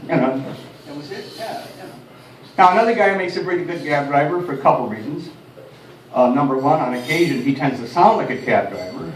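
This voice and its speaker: A man's voice: on the high side, expressive, a little fast, a little hiss or hum. A man from Detroit doing a chatty, self-deprecating stand-up routine, chuckling at his own jokes. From Detroit, USA. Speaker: stand-up comedian. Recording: roomy, distant mic, faint ambience.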